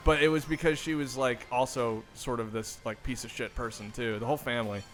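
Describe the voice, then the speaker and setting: A man's voice: medium pitch, fairly even intonation, a bit bright, faint music behind. A man co-hosting a casual chat, telling stories with sarcastic jokes. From northern US. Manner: sarcastic storyteller, quick jokes. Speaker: podcast co-host.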